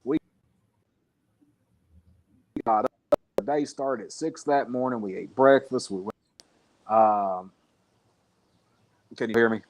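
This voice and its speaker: A man tells a long, rambling story as a podcast guest, blunt and casual, and lets a swear word slip now and then. His voice sits at an ordinary middle pitch. He comes through a remote call line with a close, dry sound and no room echo. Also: takes it slowly, pauses often.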